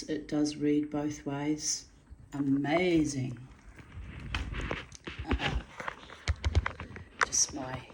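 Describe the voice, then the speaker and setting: A woman's voice: deep voice, background noise. A woman in a casual, rambling monologue, chatty and quirky, swearing freely and calling her listeners babies and darlings. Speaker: vlogger.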